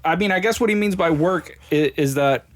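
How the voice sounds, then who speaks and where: A man's voice: a little high, brisk. Sober man, swearing and wry. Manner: profane, wry, argumentative. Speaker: podcast co-host. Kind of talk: casual chat.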